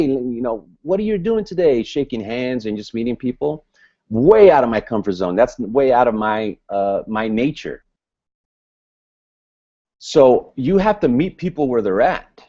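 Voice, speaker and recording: Man, seminar presenter, loud, fired up, motivational training talk, lowish voice, muffled lo-fi sound. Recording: dull lo-fi recording.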